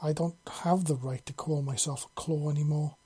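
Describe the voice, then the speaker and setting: A reader voicing a shy young male winged creature who stammers and repeats words timidly, in a husky, mellow voice. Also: medium pitch, a little slow.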